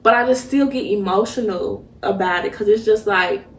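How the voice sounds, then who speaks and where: A young woman hosts a podcast, talking through a personal story in a halting, emotional way with many restarts. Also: mid-range voice. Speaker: podcast host. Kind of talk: personal reflective monologue. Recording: roomy echo, mic at a distance.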